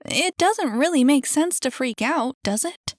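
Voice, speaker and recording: A woman's voice: sits high, animated, measured pace, dry recording, clean studio sound, pitched above the performer's own voice. A woman voicing an eager young goblin woman. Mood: earnest.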